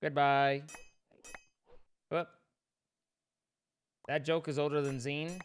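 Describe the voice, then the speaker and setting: A man with a highish, level, clear and resonant voice speaks slowly with frequent pauses. He's streaming a game and chatting casually, rambling and cracking self-deprecating jokes to chat.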